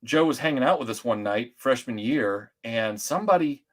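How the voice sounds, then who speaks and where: A man's voice: medium pitch, normal speed. Rambling middle-aged man from Atlanta. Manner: rambling, animated, many restarts and fillers. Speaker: guest. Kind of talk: casual storytelling chat.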